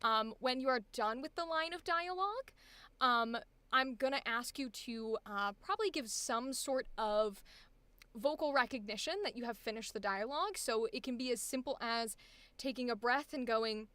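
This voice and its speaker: A woman's voice: on the high side, moderate pace, pushed and bright, smooth, no echo. A young woman coaching voice acting on a live stream, chatty and exclamatory with frequent laughter.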